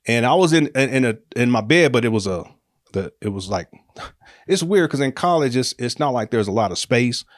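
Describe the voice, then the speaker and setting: Middle-aged male storyteller, casual and animated, frequent laughter. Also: mid-range voice, moderate pace, no room sound, studio quality. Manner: animated, laughs often, acts out quotes with raised voice.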